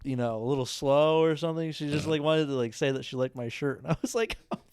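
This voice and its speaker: A man's voice: on the high side, steady tone, fast talker, darkish tone, smooth, no room sound. Rambling, foul-mouthed man telling stories. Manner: rambling, crude storytelling full of "like" and laughter. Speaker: podcast co-host. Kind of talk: casual chat.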